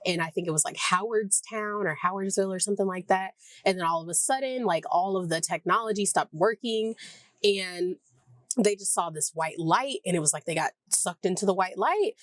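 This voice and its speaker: A woman's voice: fairly low pitch, a little fast, a bit bright, dry recording. A woman with a Southern US accent casually recapping a TV episode, rambling and chatty with lots of "like". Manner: rambling, chatty, heavy use of "like", acts out characters' lines. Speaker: TV review vlogger.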